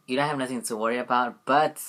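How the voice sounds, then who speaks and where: A man's voice: mid-range voice, steady tone, quick pace, a bit bright. Rambling young man vlogging. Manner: rambling, full of "like" and "you know what I mean". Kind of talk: casual storytelling vlog.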